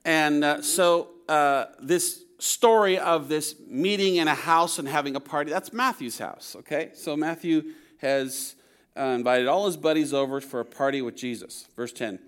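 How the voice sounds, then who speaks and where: Man preaching with a higher-pitched voice. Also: normal speed, a bit bright. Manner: conversational, with asides and checks of "okay?"; playful humor. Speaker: pastor. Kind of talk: sermon to a congregation.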